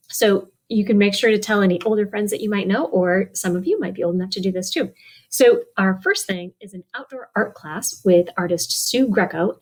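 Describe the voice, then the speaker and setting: A woman librarian reads a picture book aloud at children's storytime, asking young listeners questions and answering for them. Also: medium pitch.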